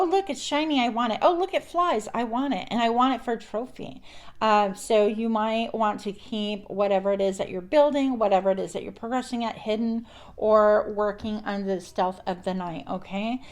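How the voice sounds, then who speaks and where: A woman's voice: mid-range voice, a little mellow. Chatty woman giving a tarot reading. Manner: chatty, meandering, spiritual affirmations. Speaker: tarot card reader. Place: indoors at a counter.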